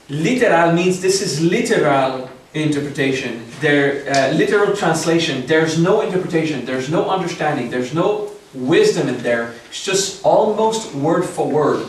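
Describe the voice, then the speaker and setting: Guy giving a spiritual seminar, slightly high voice, far from the mic in a big echoey room, keeps asking okay?. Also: lively intonation, a little slow. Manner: explanatory, often checks in with the audience. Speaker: spiritual teacher. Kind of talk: seminar lecture. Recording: very echoey room, distant mic, faint hiss.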